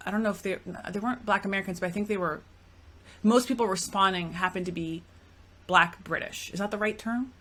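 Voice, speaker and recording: A woman's voice: medium pitch, fairly quick, fairly bright tone. A woman from Greece hosting a podcast, telling stories in casual chat and filling her talk with "like" and "you know". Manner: chatty storyteller, fillers like "like" and "you know". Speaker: podcast host and matchmaker.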